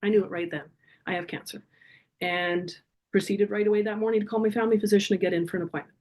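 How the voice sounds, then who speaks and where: A woman's voice: mid-range voice, fairly even intonation, very fast, darkish tone. A middle-aged woman, a podcast guest telling a personal story in earnest, vivid detail.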